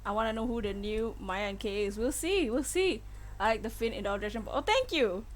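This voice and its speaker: A woman's voice: medium pitch, fairly quick, a little hiss or hum. A woman chatting casually with her viewers while playing through a game on a live stream, giggling often. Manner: chatty, giggly, talks to chat. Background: faint game music.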